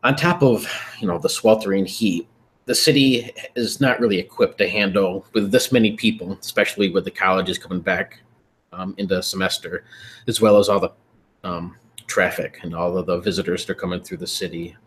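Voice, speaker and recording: A man's voice: sits low, a little fast, slight background noise. A man running a tabletop game as game master, laid back, recapping characters and setting the scene. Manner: relaxed, laughs easily, recaps patiently.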